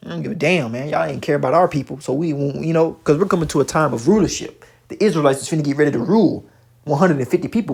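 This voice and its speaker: A man's voice: a little high, fast talker, creaky, darkish tone, husky. A man giving profane, preachy religious commentary while reacting to a video, talking emphatically with many stammered restarts.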